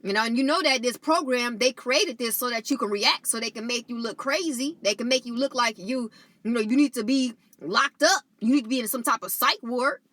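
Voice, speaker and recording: A woman's voice: a little high, brisk, fairly bright tone, dry recording. A woman talking casually and spiritually to her viewers, saying "you know" often and restarting her sentences. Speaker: channel host.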